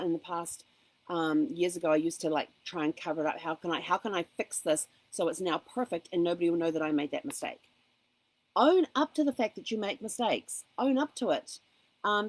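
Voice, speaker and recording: A woman's voice: medium pitch, darkish tone, no room sound, rough recording. A woman hosting a casual motivational talk, speaking in an earnest, encouraging way and weaving in personal asides. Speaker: host.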